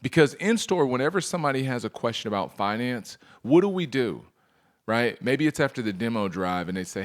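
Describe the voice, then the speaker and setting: A man coaching salespeople in a training presentation, energetic, firing rhetorical questions at his audience and acting out customer dialogues. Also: mid-range voice, fairly quick.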